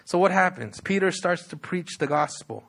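A man's voice: high voice, animated, normal speed, vocal fry, fairly bright tone. A man preaching a sermon, telling the story with animation and asking the audience rhetorical questions.

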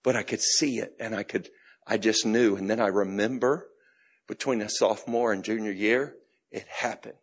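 A middle-aged man pastor preaching a sermon, telling a personal story with laughs and bursts of shouting. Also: lowish voice, normal speed, husky. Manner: animated storytelling, laughing, shouting in retold moments.

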